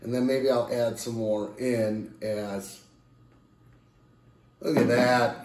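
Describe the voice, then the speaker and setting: A man's voice: medium pitch, steady tone, slow, pauses often, reverberant. A man casually reviewing a beer on camera, rambling and self-correcting with playful jokes. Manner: playful sound effects and jokes.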